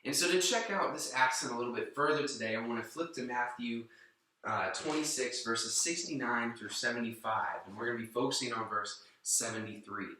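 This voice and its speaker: A man's voice: mid-range voice, brisk, sharp tone, very echoey, far from the mic, a little hiss or hum, rough recording. A young man giving a short, informal sermon, earnest and often restarting his sentences. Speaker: youth minister.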